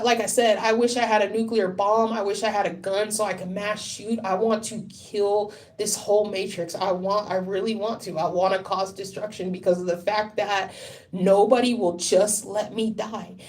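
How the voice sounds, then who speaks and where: A tired woman talking on a casual livestream, rambling, swearing and sounding frustrated. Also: mid-range voice.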